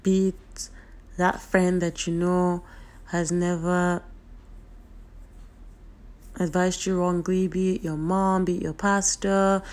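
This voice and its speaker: A woman's voice: lowish voice, level tone, slow pace, pauses often, a little mellow. A woman from Nigeria, giving an earnest, emphatic motivational talk to her viewers, repeating her key points, her voice a little off today. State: voice a bit off today.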